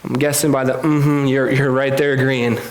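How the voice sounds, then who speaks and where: A man's voice: medium pitch, flat delivery, moderate pace, echoey room. A man preaching a conversational sermon in a church, earnest and confessional, often restarting his sentences.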